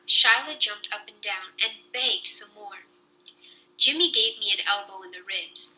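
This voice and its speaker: Bright-voiced woman reading a children's book. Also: mid-range voice, measured pace, poor audio. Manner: lively storytelling.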